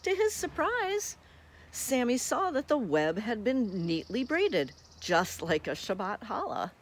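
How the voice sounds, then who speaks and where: A woman's voice: medium pitch, very animated, a little slow. A woman reading a children's picture book aloud, friendly and speaking directly to young listeners. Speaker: storybook reader.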